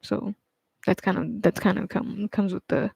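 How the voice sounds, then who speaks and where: A man chatting casually on a livestream, rambling and hesitant with lots of fillers, restarts and casual swearing, often trailing off quietly. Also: high-pitched, steady tone, moderate pace, gravelly, slightly rough, no room sound.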